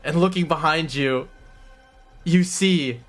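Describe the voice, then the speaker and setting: A man's voice: fairly high pitch, slow pace, faint music behind. A man narrating as game master of a tabletop game, casual and descriptive.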